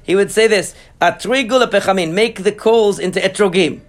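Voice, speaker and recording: A man teaching in a casual study session, reading Aramaic passages aloud and then translating and explaining them in a halting way, with many fillers and restarts. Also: high voice. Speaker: Talmud teacher.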